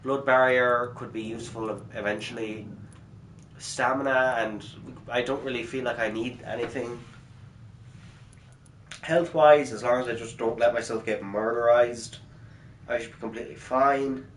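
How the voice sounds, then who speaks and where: A man's voice: mid-range voice, steady tone, normal speed. An Irish man streaming a game, rambling through his upgrades with wry asides and casual swearing. His voice sits mid-range and sounds a bit echoey in the room, with a faint hiss behind. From Ireland. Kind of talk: live gameplay commentary.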